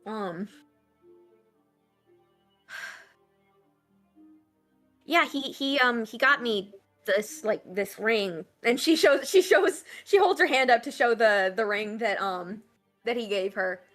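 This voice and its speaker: Woman player, kinda high bright voice, hesitant, trails off a lot, faint music. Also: slow, long pauses. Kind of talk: tabletop role-play, in and out of character.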